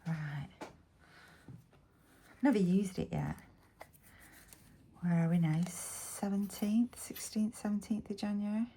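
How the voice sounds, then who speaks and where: A woman from Bolton in the north of England, her Lancashire accent plain in a slightly low-pitched voice. She chats casually through a craft tutorial and drops into soft, half-whispered mutters as she works. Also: a little slow, vocal fry, long pauses, slight background noise. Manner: chatty, muttering half-whispered asides while working. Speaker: craft vlogger.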